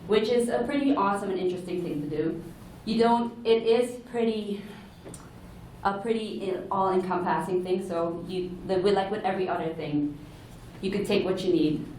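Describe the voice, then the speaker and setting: A woman's voice: medium pitch, darkish tone, recorded from a distance, slight background noise. Woman giving a talk in an echoey hall. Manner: earnest, explanatory, with self-corrections. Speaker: conference speaker. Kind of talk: conference talk. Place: large conference hall. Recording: echoey hall, heard from afar.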